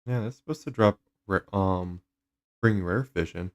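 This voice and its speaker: A man with a very deep voice hosts a casual gaming stream. He talks through the game in a loose, rambling way, pausing on fillers as he explains. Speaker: streamer host.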